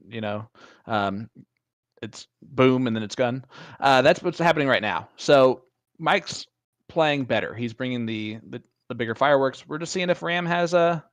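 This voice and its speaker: A man with a plain Midwestern accent co-commentates a darts match, chatty and full of jokes. His voice sits at a middle pitch and sounds dry and close. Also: dry recording. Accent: Midwestern American. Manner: chatty, joking, uses playful comparisons. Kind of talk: live sports commentary.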